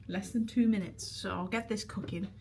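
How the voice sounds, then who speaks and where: Filmed on a handheld phone or camera in her flat and kitchen, a young Liverpool vlogger with a faint Northern English accent talks through her day at a normal speed. Her medium-pitched voice stays fairly even as she swears and laughs often, though the audio is very noisy.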